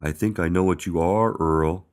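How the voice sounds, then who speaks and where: A man's voice: sits low, normal speed, lightly acted. A man voicing a literal-minded young male dog who speaks in an earnest, matter-of-fact way. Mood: tender.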